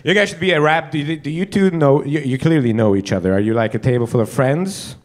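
A man doing stand-up crowd work on a club stage, teasing the audience with quick asides. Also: on the high side. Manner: teasing, quick asides, frequent put-on quotes. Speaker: stand-up comedian hosting.

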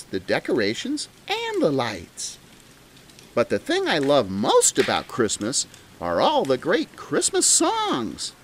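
Bubbly female Christmas tree mascot, voiced by a woman, slow and hugely swooping, coaxing the audience to join in. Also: low voice, a little hiss or hum, exaggerated voice. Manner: bubbly, giggly, sing-song, coaxing an audience. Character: cheerful female talking Christmas tree, jolly host. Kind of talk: children's show character voice. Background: jingle bell music.

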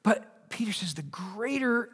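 A male pastor preaching a sermon earnestly, often restarting his words and moving between raised and hushed delivery. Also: high-pitched, expressive, measured pace, husky, long reverb tail. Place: church sanctuary.

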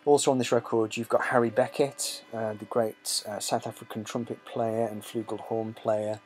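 Low-voiced man rambling over jazz. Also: level tone, moderate pace, a little mellow. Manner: rambling, many ums and uhs. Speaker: host. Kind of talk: casual music talk. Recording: music playing behind.

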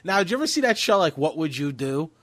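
A man with a slightly high voice telling funny stories on a comedy podcast. He talks casually and jumps into the voices of the people he describes. The recording is close and dry. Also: quick pace, no echo. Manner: animated storytelling, acts out quotes. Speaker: podcast co-host.

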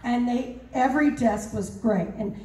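Woman voice actor telling a funny story on a con panel, kinda high voice, roomy hall, far from mic. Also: a little slow, slight background noise. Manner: animated, laughing, lots of fillers. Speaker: voice actor and convention guest. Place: large convention hall.

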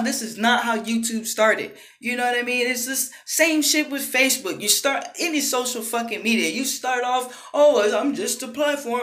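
A woman delivers a furious, profanity-laced rant straight to camera, tossing in "you know what I mean" again and again. Her voice sits high, and the room around her rings with echo. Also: a bit bright. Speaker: vlogger. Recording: echoey room.

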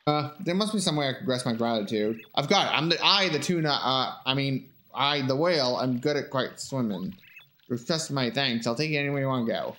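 A man voicing a large whale in a game, pitched a bit higher and talking in a slow, pleading way. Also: expressive, pushed and bright. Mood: relieved. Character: big whiny male whale with a bellyache.

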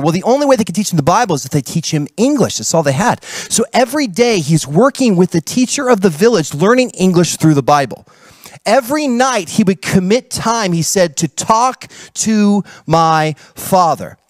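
A man's voice: high-pitched, no room sound. A man preaching a sermon, telling a story with dramatic shifts in pace. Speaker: pastor.

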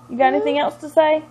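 A Southern US mom vlogger in her thirties talks casually to her camera at home in the living room, rambling along and often breaking into laughter. Her voice sits high with a darkish tone.

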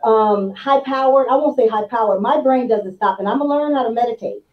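A woman's voice: on the high side, fairly quick. A woman co-hosting a live panel discussion, chatty and joking as she puts questions to the guests. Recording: echoey, distant, dull sound.

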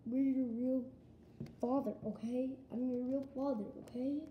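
A woman's voice: high voice, flat delivery, a little slow, muffled recording, a little hiss or hum. A girl playing a worried pleading pet dad. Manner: pleading, soothing. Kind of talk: toy pet home-video role-play.

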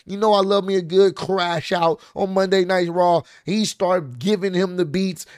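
A man hosting his own channel, casually recapping wrestling in an animated, slangy way and acting out what the wrestlers said. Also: fairly high pitch, no echo, studio quality. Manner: animated, slangy retelling with acted-out quotes.

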